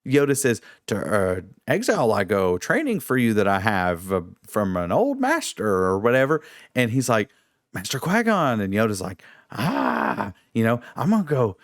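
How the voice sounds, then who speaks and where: Animated man ranting, dry close sound. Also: mid-range voice, normal speed, no room sound. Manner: animated, mocking impressions. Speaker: podcast co-host. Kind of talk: casual review chat.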